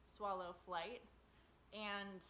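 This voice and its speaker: A woman talks through her own composition in an easy, unscripted way, full of fillers and little restarts. Her voice is bright and forward, at a middle pitch for a woman. A faint background hiss sits under the recording. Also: very slow, low-quality recording. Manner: relaxed, many fillers and quoted lines. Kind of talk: casual explanation of her music.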